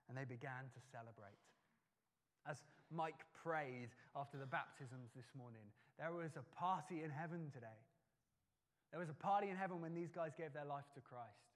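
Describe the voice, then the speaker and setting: A man preaching a sermon, telling a personal story with animated restarts and acted-out lines. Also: mid-range voice, moderate pace. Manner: animated storytelling, acts out calling and scolding, stammering restarts. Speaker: pastor. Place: church hall. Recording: long hall reverb.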